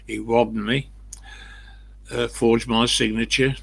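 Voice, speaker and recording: A man's voice: mid-range voice, little pitch movement, takes it slowly, gravelly, a bit bright, breathy edge, rough recording. An older man chatting casually and bluntly with livestream viewers, rambling through anecdotes. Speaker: livestream host.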